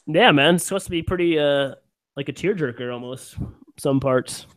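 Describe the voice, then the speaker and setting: A man co-hosting a podcast in easy, chatty conversation full of fillers and quick laughs. His voice sits a little higher than most men's. The sound is dry and close to the mic. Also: a bit bright, dry recording. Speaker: podcast co-host. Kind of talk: casual chat.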